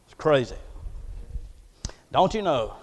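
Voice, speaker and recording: A high-voiced man preaches a folksy storytelling sermon. He swings from loud, emphatic bursts down to hushed asides. The recording carries the long reverb of a church hall. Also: big pitch swings, slow pace.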